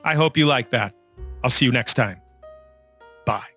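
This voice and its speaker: A man's voice: mid-range voice, normal speed, bright, forceful tone, soft background music. A man narrating a casual drawing tutorial in a chatty, playful way, quizzing the viewer as he works. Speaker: drawing instructor.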